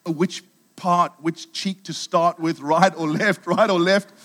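Middle-aged South African male pastor, sermon, slightly high voice, chatty storyteller. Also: steady tone, slow, fairly bright tone. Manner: storytelling, chatty, with many restarts.

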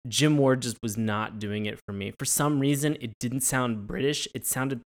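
A man in casual podcast chat, reviewing a show with loose, swearing energy. His voice sits at an ordinary middle pitch. He talks freely and keeps things animated. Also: moderate pace. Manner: profane, animated, jumps high when mimicking reactions. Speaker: podcast co-host.

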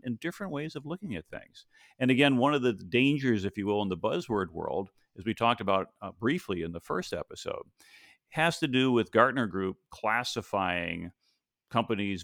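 A man with a low, gravelly voice hosts a podcast discussion, thinking aloud in a relaxed, conversational way. He wanders through his points with plenty of fillers and restarts. His voice is dry and close, with no room sound, as if on a video call from a home office. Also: dry recording. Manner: thoughtful, rambling, with many fillers and restarts. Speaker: podcast host.

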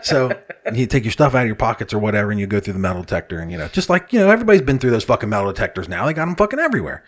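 A man's voice: on the low side, big pitch swings, rapid-fire. A man telling a casual, comedic story, swearing freely and laughing at his own exasperation as he acts out other people's lines.

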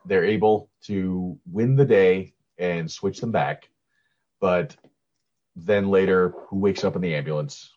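A man's voice: low voice, measured pace, dull audio. A man co-hosting a podcast, chatting casually about a horror movie with an easygoing, joking manner. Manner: joking, easygoing, laughs often. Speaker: podcast co-host.

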